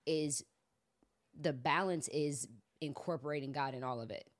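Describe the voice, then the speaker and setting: A woman's voice: deep voice, moderate pace. A woman hosting a casual faith conversation, telling stories with animation and acting out her own past pleas. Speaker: podcast host.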